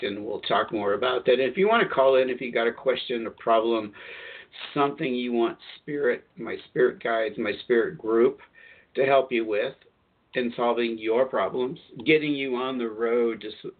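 A man hosting a spiritual call-in radio show, talking in a rambling, chatty way and often correcting himself mid-sentence. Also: mid-range voice. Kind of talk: casual spiritual talk radio monologue. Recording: tinny phone-line sound.

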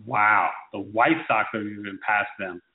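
A man co-hosting a casual sports talk show, animated and teasing as he riffs on the season. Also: fairly low pitch, a little slow. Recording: phone-like tinny echoey sound.

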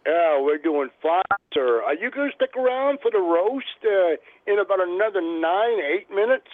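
A man's voice: high-pitched, lively intonation, moderate pace, no room sound. A man co-hosting a casual radio show with easygoing short replies. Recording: tinny phone line, dry.

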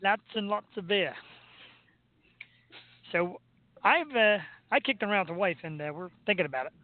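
A man's voice: high-pitched, lively intonation, normal speed, no echo. A man hosting a live talk show in a joking, rambling way and laughing often. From Philadelphia, US. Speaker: podcast host. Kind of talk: casual live show chat. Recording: tinny phone-like sound.

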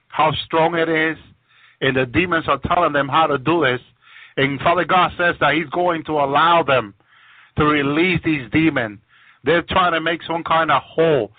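A guest on a religious program fervently testifies about his visions, often repeating words as he restarts. His voice is a little high, heard through tinny, dry phone-line audio with no room sound.

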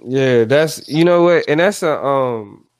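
A man with a mid-pitched voice recorded dry and close. He co-hosts a casual talk show, teasing his partner with sarcastic jokes. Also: animated, slow pace, no room sound. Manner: joking, teasing interjections and sarcastic asides. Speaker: podcast co-host. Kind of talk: casual chat.

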